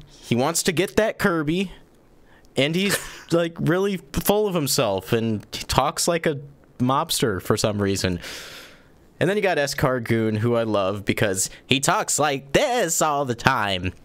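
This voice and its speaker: A young adult man hosting a casual podcast, telling stories in an animated, rambling way and laughing often. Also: a little high, dry recording. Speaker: podcast host.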